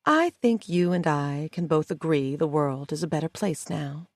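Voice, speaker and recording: A woman voicing a smug, cold female schemer who speaks calmly and condescendingly. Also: low voice, no echo. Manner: calm, slow and condescending.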